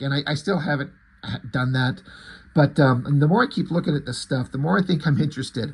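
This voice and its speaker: A man's voice: fairly high pitch, a little fast, slightly rough. A man reviewing comic books in a casual, rambling way, crude and full of fillers and restarts. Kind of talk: casual chat.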